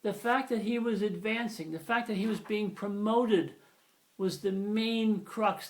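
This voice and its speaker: Man, grammar teacher, high voice, gravelly, rambling, conversational. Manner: rambling, self-correcting, conversational. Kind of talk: informal video grammar lesson.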